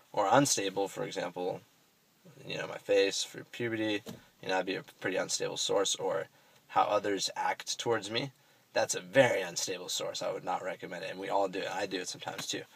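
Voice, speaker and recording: A man's voice: on the low side, creaky, a bit bright, dry recording, poor audio. A young man vlogging, telling a personal story in a rambling, self-correcting way and swearing casually.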